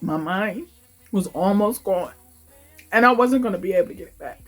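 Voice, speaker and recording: A woman's voice: medium pitch, expressive, normal speed, soft background music. A woman in her late twenties giving an emotional, heartfelt life update in her vlog, talking in a casual, confiding way. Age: late 20s. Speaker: vlogger.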